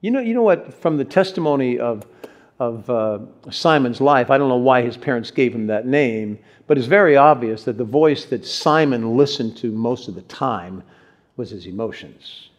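A male pastor giving a sermon, telling stories in an animated way and putting questions to his congregation. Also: medium pitch, normal speed. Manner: animated storyteller, acts out quotes, asks the audience questions. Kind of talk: sermon with personal storytelling.

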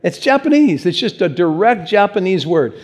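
A man preaches to his congregation with lively, conversational energy. His voice sits fairly high for a man. He keeps throwing questions out to the people in the pews. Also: normal speed. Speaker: pastor. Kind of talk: sermon.

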